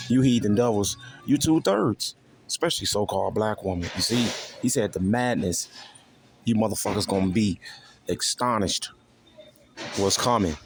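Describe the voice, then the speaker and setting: A man's voice: lowish voice, animated, measured pace, pauses often, soft background music. A man preaching scripture in a crude, profane way, constantly repeating "you see" to his listeners. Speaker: street preacher.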